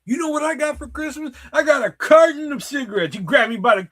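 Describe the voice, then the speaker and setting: A man's voice: very high voice, fast, hardly any pauses, fairly bright tone. A man hosting a casual trivia night stream, joking and swearing freely with friends. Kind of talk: casual chat over a trivia game.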